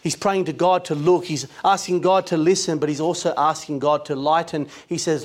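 Male preacher, earnest sermon delivery, slightly higher voice. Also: steady tone, normal speed. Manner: earnest, emphatic preaching with scripture quotes.

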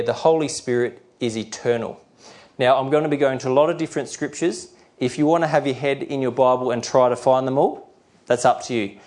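A middle-aged man preaches a sermon with a medium-pitched, slightly mellow voice, explaining his points plainly like a teacher and using fillers and restarts. He reads scripture verses slowly and carefully.

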